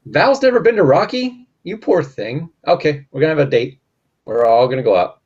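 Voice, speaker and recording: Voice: mid-range voice, lively intonation, brisk, darkish tone, husky, muffled recording. A co-host on a casual livestream chat, talking in a playful, encouraging way.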